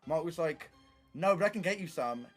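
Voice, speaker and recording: A young man streaming, telling stories in casual chat, animated and swearing often. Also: fairly high pitch, normal speed, faint music behind.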